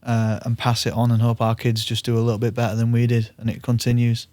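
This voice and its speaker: A man's voice: mid-range voice, quick pace, dry recording. Man, podcast host, storyteller, close dry mic. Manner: lively storyteller, chatty with frequent laughs. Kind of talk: casual podcast conversation.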